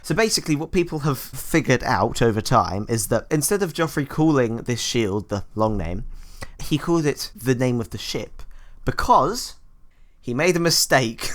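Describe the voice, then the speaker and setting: A man co-hosting a casual gaming chat, who laughs often and stumbles over names. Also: fairly high pitch. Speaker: gaming video co-host.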